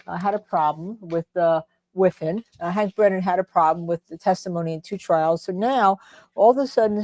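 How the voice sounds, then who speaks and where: Live-stream host, woman, New Jersey accent, fired-up and tripping over her words, lowish voice. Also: darkish tone, no echo. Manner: indignant, stumbling restarts. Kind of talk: live legal commentary.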